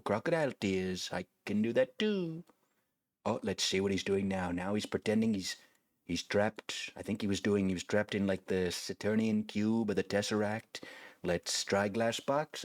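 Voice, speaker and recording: A man's voice: on the low side, dry recording, studio quality, lightly acted. A man putting on an impression of a brash, bragging older politician with boastful, repetitive "okay?" tags while playing a video game.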